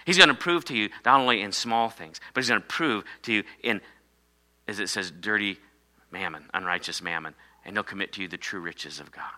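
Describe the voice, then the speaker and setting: A man's voice: fairly low pitch, fairly quick, sharp tone. A man preaching a sermon, emphatic and repetitive, calling for amens from the congregation. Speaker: pastor.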